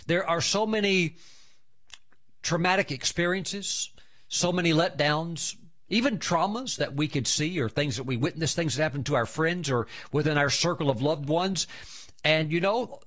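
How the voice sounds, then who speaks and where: A male pastor preaching a lively sermon, telling anecdotes and breaking into exuberant shouts of hallelujah and praise. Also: on the high side.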